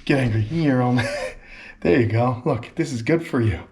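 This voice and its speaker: A man's voice: mid-range voice, a little slow, a little mellow, a little hiss or hum. Upbeat man showing his reptiles. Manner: enthusiastic, talks to the animals. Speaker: vlog host at a turtle and tortoise sanctuary. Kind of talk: casual vlog narration.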